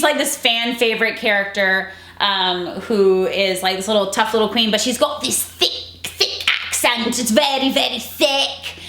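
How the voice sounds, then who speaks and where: A woman's voice: medium pitch, fairly bright tone. Chatty young woman in a roomy room. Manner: chatty, peppered with fillers and restarts. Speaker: co-host of a movie musical review show. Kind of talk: casual chat.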